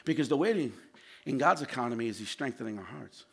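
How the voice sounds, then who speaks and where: A male pastor preaching a sermon with passion, swinging from loud shouted lines to low, quiet asides. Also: lively intonation, quick pace, vocal fry, breathy edge.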